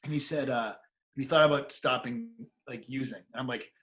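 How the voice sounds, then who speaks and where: A middle-aged man appearing as a guest on an interview show tells a personal story casually and with animation. His mid-range voice moves a little fast, and he acts out the people he quotes.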